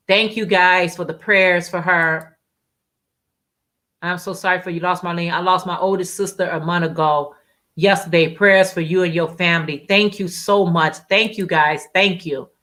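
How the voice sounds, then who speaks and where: A woman's voice: medium pitch, bright, forceful tone. A woman hosting a casual craft livestream, chatting and reading out viewer comments with frequent laughs and repeated phrases. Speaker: livestream host.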